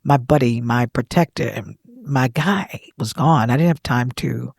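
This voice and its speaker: A woman, a gospel singer and pastor, talking as a podcast guest in an earnest, confiding way with soft chuckles, in a studio. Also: a bass voice, a little slow, creaky, husky, dry recording. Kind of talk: candid emotional storytelling.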